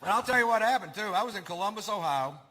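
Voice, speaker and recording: A man's voice: high voice, lively intonation, fast, sharp tone, slight background noise. A male stand-up comedian telling stories in a laid-back, drawling way to a live audience. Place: theater stage before a live audience. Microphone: stage microphone. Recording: live hall with long reverb and faint ambience.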